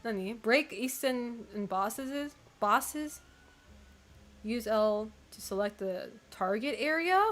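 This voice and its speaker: A young woman streaming a game, commenting as she plays, excitable, swearing and laughing often. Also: a little high, slow, a little hiss or hum. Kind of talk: gameplay commentary. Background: game music.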